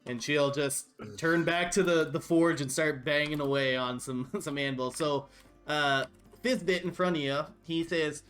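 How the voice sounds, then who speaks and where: A man's voice: a little high, measured pace, a bit bright, soft background music. A man narrating as game master in a tabletop game, describing scenes loosely and laughing often.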